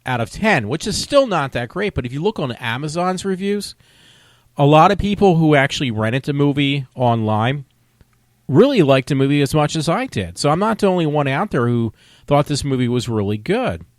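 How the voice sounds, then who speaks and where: A man's voice: fairly high pitch, big pitch swings, normal speed, no room sound, studio quality. A man vlogging a casual movie review, talking in a rambling, loose, conversational way.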